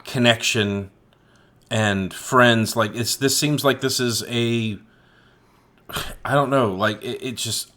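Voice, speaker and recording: Male co-host, average pitch, rambling and profane, casual film banter. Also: steady tone, slow, pauses often, pushed and bright. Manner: rambling, swears freely, lots of restarts. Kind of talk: casual movie review chat.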